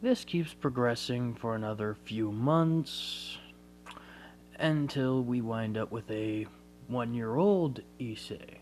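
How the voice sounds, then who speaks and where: A man's voice: medium pitch, slow pace, darkish tone, slight background noise. A man telling an improvised fan story in a rambling, conversational way that keeps correcting itself.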